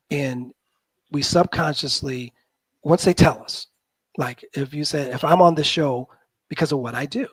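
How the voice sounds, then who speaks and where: A man in his fifties from the Midwest talks as a guest in a loose, rambling way, circling back and restarting his sentences. His voice has a husky edge, recorded dry and close with no room sound. He pokes fun at himself as he tells his stories. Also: medium pitch, no room sound. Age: 50s. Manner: rambling, self-deprecating storyteller with many restarts. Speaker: guest, college football general manager. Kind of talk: casual interview chat.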